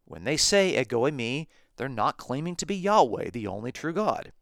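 A man hosting a podcast, reading Bible verses aloud and explaining them in a measured way, slowing down to stress key phrases. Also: medium pitch, sing-song, no echo, clean studio sound. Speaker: podcast host teaching on scripture.

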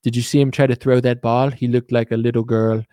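A man putting on a boastful older male politician who rambles, brags and trades insults in a dry, close voice. The pitch sits at a middling level for a man. It is a comedy video with the voice played close to the listener. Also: flat delivery, fairly quick, mellow, smooth, no echo, natural voice.

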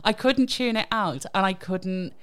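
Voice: mid-range voice, unhurried, a bit bright, clear, resonant tone. A podcast co-host in casual chat, speaking candidly, laughing often and using like a lot.

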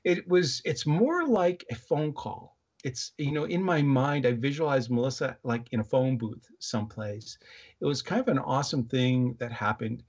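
A middle-aged man with a husky, slightly breathy voice tells a personal story in a halting, conversational way, often restarting his sentences. He slips into quoting other people as he goes. The audio sounds a little dull and lo-fi. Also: medium pitch, animated, a little mellow. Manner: halting, many fillers and restarts, quotes voices while telling a story. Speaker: guest, electronics inventor. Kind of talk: casual interview storytelling.

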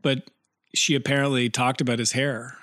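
A man's voice: medium pitch, little pitch movement, fairly bright tone, dry recording. Guy rambling on a podcast, laughs a bunch, drags out punchlines, dry close mic. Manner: rambling, laughs often, slows down to drag out a joke. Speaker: podcast co-host. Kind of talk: casual chat.

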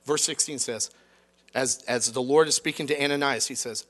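A middle-aged man preaching a sermon in a conversational, animated way, acting out quoted lines. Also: mid-range voice, normal speed. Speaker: pastor.

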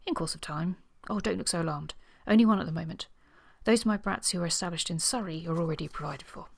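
Woman reading as a teasing, charming gentleman. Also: fairly low pitch, fast, vocal fry. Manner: light and amused, reading aloud.

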